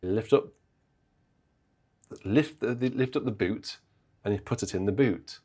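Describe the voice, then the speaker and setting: A man's voice: fairly low pitch, measured pace, warm tone, slightly rough. A British man hosting a livestream from the organ, chatting playfully and teasing viewers in the chat.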